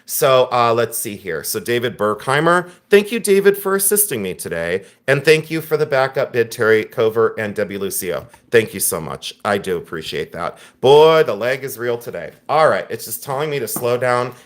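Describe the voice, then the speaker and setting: A man's voice: medium pitch, big pitch swings, moderate pace, few pauses. Man, live-stream jewelry seller, chatty, frustrated, thanks viewers by name. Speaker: live jewelry sale host. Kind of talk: live-stream selling chat.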